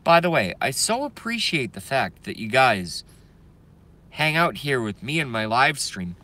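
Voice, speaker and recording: A middle-aged man holds forth on his live stream, voice worn hoarse from ranting all day. He speaks slowly with a bright, edgy tone, his pitch leaping widely as he swears, then drops low to mutter apologies. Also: very animated. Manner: angry, profane ranting with sudden outbursts and apologies. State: voice going hoarse from ranting and smoking.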